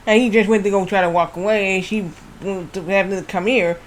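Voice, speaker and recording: A man's voice: sits high, fairly even intonation, a little fast, a little hiss or hum. A man streaming a wrestling game, telling long rambling stories and swearing casually as he plays. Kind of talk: casual gaming commentary.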